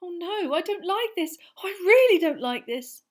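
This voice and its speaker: A woman voicing a clever teenage girl who frets anxiously in a high voice. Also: big pitch swings, moderate pace. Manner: anxious, fretful.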